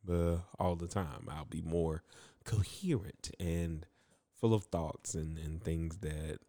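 A man's voice: low voice, a little mellow, no room sound, studio quality. A man hosting a casual solo podcast, rambling upbeat and chummy with lots of fillers and self-mocking asides. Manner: upbeat, chummy, addresses listeners as man and guys. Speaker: podcast host.

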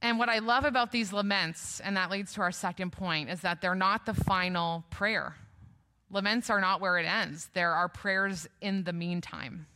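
A woman's voice: medium pitch, sharp tone. A young woman preacher giving a conversational sermon, with light humorous asides. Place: church sanctuary. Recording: long reverb of a church hall.

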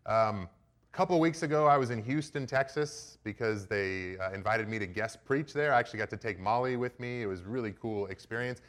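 A man's voice: lowish voice, fairly quick. A young man, the preaching minister, speaking casually and jokingly to his congregation in a church before the sermon. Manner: relaxed, joking, direct with congregation. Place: church sanctuary.

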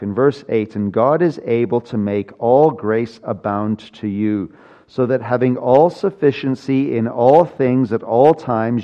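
A man's voice: mid-range voice, lo-fi sound. An older man preaching a sermon as pastor, earnest with dry humor and emphatic repetition of key lines.

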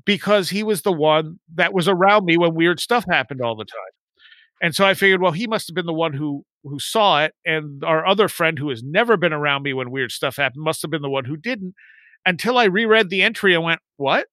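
A man in his forties telling a story in a casual chat, rambling and lively when he quotes his friends. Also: on the high side, fairly quick, no echo.

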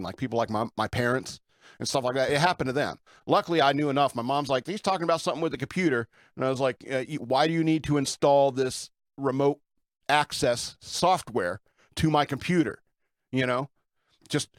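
A man's voice: mid-range voice, no echo. Man, podcast host, rambling, irreverent, dry close sound. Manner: irreverent, rambling, with fillers and laughs. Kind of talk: casual rambling monologue.

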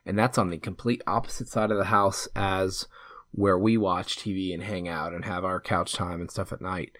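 A man with a fairly low voice chats loosely on a podcast, joking and looping back on his sentences. The sound is dry and close to the mic. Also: little pitch movement, normal speed, a bit bright, no echo. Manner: chatty, joking, trails off and restarts. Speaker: podcast co-host. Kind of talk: casual chat.

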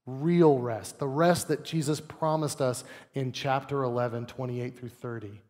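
A man's voice: medium pitch, steady tone, measured pace, a little mellow. A pastor preaching an earnest sermon, acting out the voices he quotes and ending in prayer. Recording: long reverb in a large hall.

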